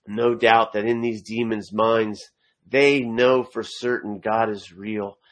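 A man's voice: on the low side, fairly even intonation, takes it slowly. A man preaching a sermon, reading scripture aloud and stressing key phrases by repeating them.

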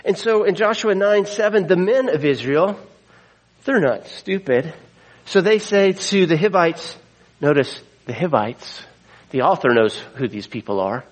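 Storytelling man preaching with a slightly high voice. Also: expressive, a little slow, rough recording. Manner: conversational storytelling with asides. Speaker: pastor. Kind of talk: sermon.

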